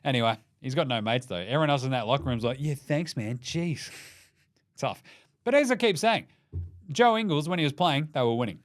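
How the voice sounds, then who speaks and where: Australian man, young adult, podcast host, irreverent sports banter, animated pitch, dry close mic. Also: a little fast, dry recording. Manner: irreverent, sweary, jokey. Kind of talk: casual sports commentary.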